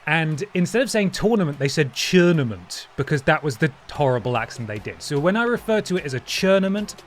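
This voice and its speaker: A man's voice: fairly high pitch, sing-song, quick pace. A man hosting a live stream, chatting casually and thanking viewers one by one by name, often trailing off and restarting mid-sentence. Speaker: livestream host.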